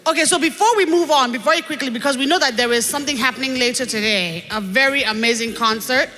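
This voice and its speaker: A woman's voice: high-pitched, fast talker, bright, forceful tone. A woman emceeing a live event with a Nigerian accent, joking and playful, coining made-up words. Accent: Nigerian English. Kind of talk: live stage hosting. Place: large event hall. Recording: reverberant hall through PA.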